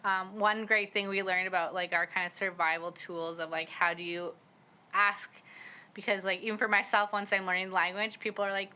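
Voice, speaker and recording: A young woman from the Squamish Nation, a parent learning her language, chatting casually with lots of fillers and quick laughs as she acts out little quotes. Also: medium pitch, little pitch movement, sharp tone, smooth, rough recording. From Squamish Nation, British Columbia, Canada. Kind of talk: casual conversation. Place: outdoor community garden.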